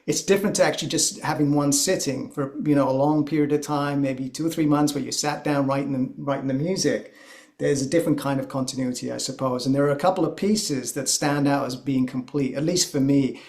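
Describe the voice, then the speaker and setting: A man in a casual music discussion, talking in a thoughtful, explanatory way with many pauses and fillers. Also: mid-range voice, darkish tone.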